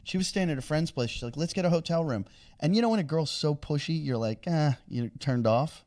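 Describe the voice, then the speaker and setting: A man's voice: a little high, expressive, brisk, darkish tone. A man, a comedian, telling a long, crude anecdote on a casual podcast and chuckling as he goes. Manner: rambling, profane anecdote with chuckles.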